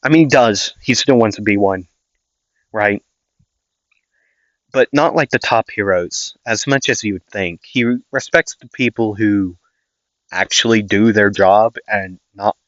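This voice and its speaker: A man's voice: on the low side, fairly bright tone, no echo. A man telling an improvised fan story in a rambling, casual way, full of fillers and little checks, in a dull lo-fi recording.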